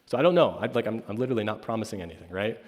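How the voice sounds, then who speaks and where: A man's voice: on the low side, expressive, very fast. A man, a campus pastor, telling a personal story at chapel in a casual way, often asking "right?" and acting out what others said. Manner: storytelling with frequent "right?" asides; acts out quoted dialogue. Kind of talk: informal chapel talk. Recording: long hall reverb.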